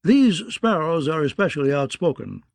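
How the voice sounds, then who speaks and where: A man voicing a sly counselor who speaks in a measured, insinuating way. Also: on the high side, animated, gravelly, dry recording, studio quality, voice pushed up.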